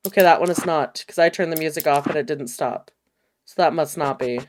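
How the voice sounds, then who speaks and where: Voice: mid-range voice, a little fast, over music. A gameplay streamer giving casual, joking commentary while playing. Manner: chatty, joking asides. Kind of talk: casual let's-play commentary.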